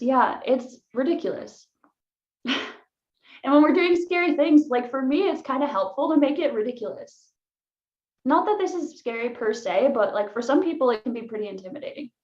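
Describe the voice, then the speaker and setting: A chatty woman with a fairly high voice runs a casual online voice workshop, laughing easily and filling her talk with "like." The sound is roomy and echoey, and the audio is a little dull and lo-fi. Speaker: voice workshop leader.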